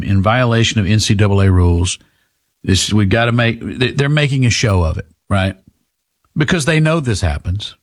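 A male talk show host giving opinionated, rambling commentary on sports and politics, emphatic, with frequent restarts. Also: lowish voice.

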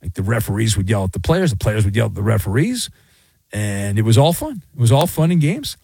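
A man's voice: on the low side, sing-song, brisk, vocal fry, darkish tone, slightly rough, no room sound. A middle-aged man hosting a sports talk radio show, sarcastic and theatrical. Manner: sarcastic, theatrical, mocking voices.

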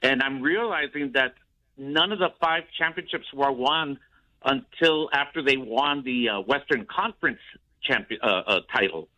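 A man calling in to a radio show, sharing a stat in a rambling, halting way. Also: mid-range voice, sharp tone, rough recording. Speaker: caller. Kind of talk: casual call-in chat.

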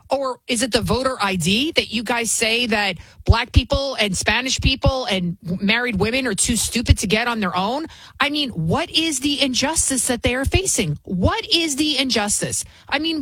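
Woman commentator, husky, dry close sound, emphatic and sarcastic, lots of rhetorical questions. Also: on the high side, a bit bright, no echo, poor audio. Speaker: political commentator. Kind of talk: opinionated commentary. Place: New York City.

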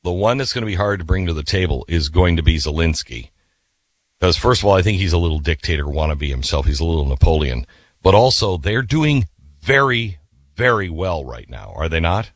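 A man hosting a talk radio show, chatting in a halting, emphatic way, pausing with ums and sighs. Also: low voice, animated, no room sound. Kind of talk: conversational talk radio with live ad read.

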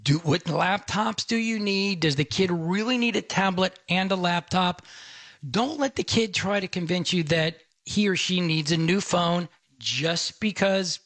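Gravelly-voiced chatty male radio host. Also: high-pitched, measured pace, fairly bright tone, dry recording. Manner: chatty, conversational, friendly. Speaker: radio tech show host. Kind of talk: casual talk radio.

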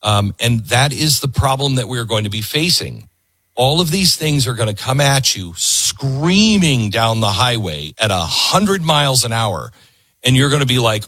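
A man's voice: mid-range voice, sing-song, a little slow, a bit bright, husky, no echo. A middle-aged man hosting a talk show, giving an emphatic political commentary monologue and repeating his points for force.

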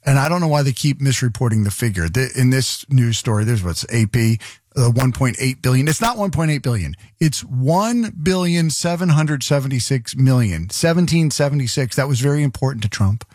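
A man's voice: mid-range voice, expressive, fairly quick, darkish tone, no room sound, studio quality. A man hosting a talk radio show, giving rambling news commentary with sarcastic, exasperated asides.

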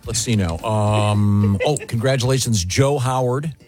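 A man's voice: lowish voice, a little slow, a little mellow, faint music behind. A man co-hosting a morning radio show in a studio, bantering casually with dry jokes and lots of ums and uhs. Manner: dry jokey delivery with many fillers. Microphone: studio microphone.

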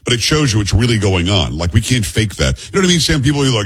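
Fast-talking husky radio host. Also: male voice, fairly low pitch, big pitch swings. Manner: fast, chatty, joking. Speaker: radio talk show host. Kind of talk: casual radio banter.

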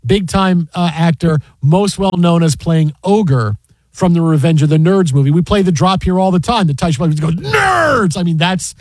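A man's voice: fairly high pitch, normal speed, darkish tone, no echo. A man hosting a sports talk show, chatting casually in a rambling, self-interrupting way into a close studio mic. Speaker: sports radio host.

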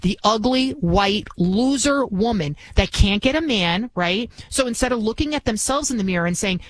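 A woman's voice: medium pitch, animated, normal speed, few pauses, dry recording, low-quality recording. A woman in her forties, hosting a radio talk show with an indignant, ranting monologue. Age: 40s.

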